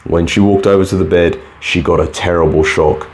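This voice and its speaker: A man narrating a bedtime fairy tale in a calm, steady storybook reading. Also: low voice, fairly quick, few pauses.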